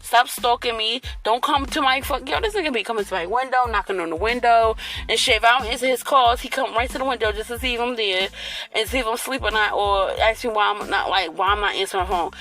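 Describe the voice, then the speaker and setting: A woman in her late thirties telling a storytime rant to her viewers, blunt, profane and animated. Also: on the high side, fast, faint music behind. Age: late 30s. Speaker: vlogger.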